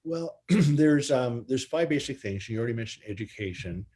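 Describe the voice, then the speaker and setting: A man's voice: mid-range voice, animated, normal speed, dark tone. A spine surgeon explaining his methods in earnest conversation.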